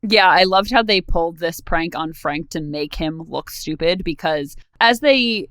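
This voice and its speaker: A woman with a lowish, clear, resonant voice speaks unhurriedly on a dry recording. Co-hosting a podcast, she casually recaps a TV episode, giggling often, staying relaxed, and trailing off with fillers.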